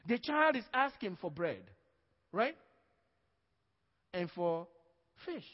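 Pastor, male, high voice, emphatic sermon delivery, dull recording with long hall reverb. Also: very animated, takes it slowly. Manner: preaching with emphatic stresses and frequent "Amen?".

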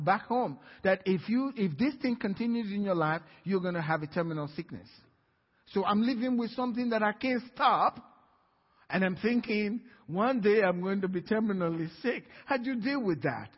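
Male preacher, storytelling sermon delivery with quiet-to-loud swings, husky tone, dull lo-fi sound. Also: high voice, expressive, moderate pace. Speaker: guest preacher. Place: church sanctuary. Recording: dull, reverberant church hall.

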